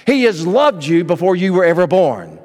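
A pastor preaching a sermon to his congregation, animated and leading them in reading together. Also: high voice, moderate pace. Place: church sanctuary. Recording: long reverb of a church hall.

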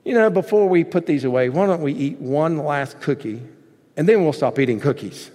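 An excitable little frog, as a preacher puts him on, pitched up and eager. The voice rings with a long hall echo. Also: male voice, normal speed. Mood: coaxing.

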